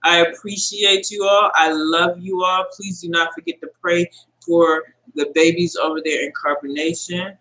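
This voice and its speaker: A man's voice: sits high, little pitch movement, normal speed, bright, forceful tone, low-quality recording. A man hosting a casual livestream and speaking straight to his viewers. He talks in an earnest, hesitant way, stopping often and restarting his sentences. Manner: addresses viewers directly and reads out chat comments. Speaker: livestream host. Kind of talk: casual live-stream sign-off talk.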